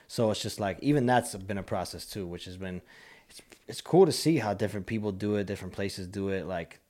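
A man's voice: low-pitched, darkish tone. A man in casual podcast chat, talking in a laid-back, rambling way with many fillers.

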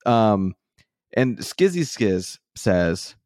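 A man's voice: on the low side, big pitch swings, very slow, a little mellow, no room sound, studio quality. A man in his thirties co-hosting a casual sports podcast, talking in a rambling, self-deprecating way with many fillers. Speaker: podcast co-host.

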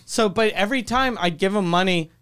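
A man on a casual podcast, telling animated, joking travel stories with plenty of swearing. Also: high voice, brisk, clear, resonant tone.

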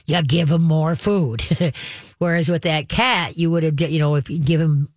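A man's voice: fairly high pitch, moderate pace, dry recording, clean studio sound. A man hosting a call-in radio show on pet advice, talking in a folksy, rambling way with many fillers and restarts. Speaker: radio pet expert host.

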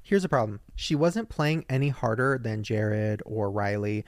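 A man's voice: lowish voice, a little slow, no echo, studio quality. A man co-hosting a podcast in casual, gossipy chat, often mimicking people as he tells stories. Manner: gossipy, animated, mimics people mid-story. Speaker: podcast co-host.

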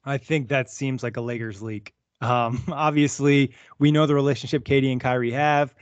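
A man co-hosting a podcast, talking things through in a steady, even way. His voice has a mid pitch. The sound is muffled and lo-fi, dry and close. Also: moderate pace, no echo. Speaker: podcast co-host. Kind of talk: casual sports podcast chat.

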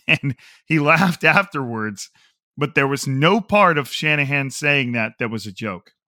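A man hosting a football podcast in a quick, chatty way, wandering off on tangents with ums and restarts. His voice is bright and forward. The recording is dry, with no room sound. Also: medium pitch, expressive, no echo. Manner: quick, chatty, digressive with fillers. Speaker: podcast host. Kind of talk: casual sports podcast talk.

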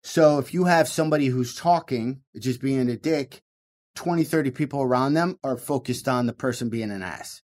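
A man with a Michigan accent, a stand-up comedian talking fast and animatedly in an interview, swinging his voice up and down to show his points. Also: mid-range voice, a little mellow. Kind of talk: casual interview talk.

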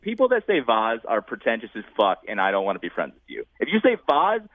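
A man's voice: medium pitch, huge pitch swings, fast talker. A man from the Northeastern US co-hosting a podcast, talking casually with emphatic opinions and frequent laughs. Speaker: podcast co-host. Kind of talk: casual chat. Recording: tinny phone-like line.

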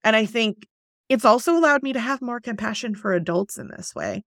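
A woman's voice: on the high side, lively intonation, fairly quick, a bit bright, no echo, studio quality. A woman hosting a podcast, talking in a reflective, chatty way with lots of fillers. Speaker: podcast host. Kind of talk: conversational podcast interview.

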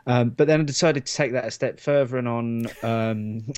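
A man co-hosting a beer podcast, talking in a relaxed, rambling way with lots of ums. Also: mid-range voice, normal speed, clean tone. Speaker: podcast co-host. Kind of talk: casual chat.

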